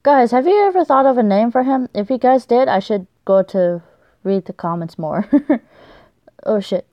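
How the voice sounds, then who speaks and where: A young woman commentating on her game play, excitable and swearing a lot, shrieking when startled. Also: fairly high pitch, normal speed, no room sound, muffled recording. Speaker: gaming YouTuber.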